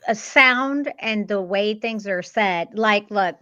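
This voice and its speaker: Female co-host and actor, bright tense voice, emphatic and blunt, slightly muffled recording. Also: medium pitch, slow. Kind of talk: casual film review chat.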